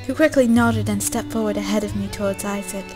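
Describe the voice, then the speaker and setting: A woman's voice: mid-range voice, fairly even intonation, a little fast, music in the background, low-quality recording. A young woman reading a story game aloud in a casual way, breaking off with swearing, jokes and coughs.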